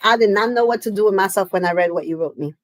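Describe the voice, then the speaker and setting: A woman's voice: mid-range voice, fast, dry recording, low-quality recording. A woman from the United States chatting casually and effusively on a live stream, often laughing. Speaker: crafting livestream host.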